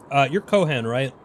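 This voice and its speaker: Excitable man doing let's play commentary. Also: mid-range voice, a little hiss or hum. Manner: excitable, chatty, reads game text aloud. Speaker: gaming channel host. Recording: game music in background. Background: game music.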